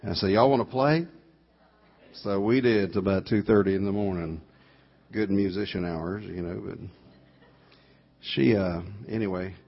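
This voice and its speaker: A low, gravelly middle-aged man with a drawl, rambling through a homespun story and correcting himself as he goes. His voice is husky, and the live church recording sounds dull and lo-fi. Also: steady tone, normal speed. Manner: folksy, meandering, self-correcting. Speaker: guest guitarist telling a story at a church concert.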